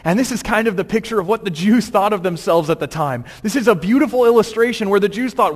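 A pastor preaches with animation and acts out scenes in character voices. His voice sits fairly high for a man and rings with a long echo through a church sanctuary. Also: animated, fast talker, hardly any pauses. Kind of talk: sermon. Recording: long hall reverb, church.

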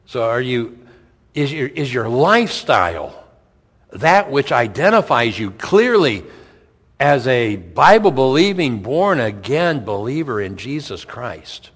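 Middle-aged pastor preaching in an echoing hall. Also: male voice, medium pitch, very animated, slow pace, fairly bright tone, husky. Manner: conversational preaching, rhetorical questions, repeats himself. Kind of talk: sermon. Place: church sanctuary. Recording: long hall reverb.

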